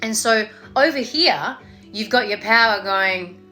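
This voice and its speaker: A woman's voice: mid-range voice, unhurried, bright, forceful tone, faint music behind. A woman meditation teacher in a casual, playful talk, swearing freely and acting out voices before guiding a meditation.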